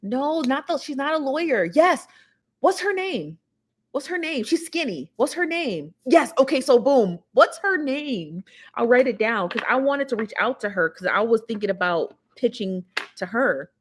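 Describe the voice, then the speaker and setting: A woman's voice: on the high side, very animated, moderate pace, breathy edge. A woman hosting a casual livestream, rambling and chatty as she talks straight to her viewers. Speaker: show host.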